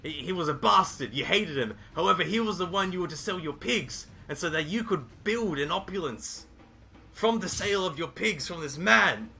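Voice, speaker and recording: A man running a tabletop game as game master, telling the scene in a lively, improvised way. His voice is bright and gravelly and sits a little high. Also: moderate pace, slight background noise. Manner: lively, improvised storytelling with restarts.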